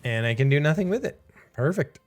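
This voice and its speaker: A man's voice: fairly high pitch, animated, fairly quick, soft background music. A man commenting casually on his own card game, sarcastic and exasperated, laughing in disbelief. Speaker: streamer playing a card game.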